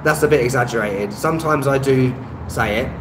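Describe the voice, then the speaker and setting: A man with a London Estuary accent chats away on a live stream, reading comments, rambling and filling the gaps with um. His voice sits at an ordinary middle pitch. The room is echoey, with steady noise and traffic in the background. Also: fairly quick. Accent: Estuary English, London. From London, England. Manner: rambling, lots of ums and restarts, chatty and self-mocking. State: tired, no rest. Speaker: travel vlogger on a live stream. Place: rented room indoors.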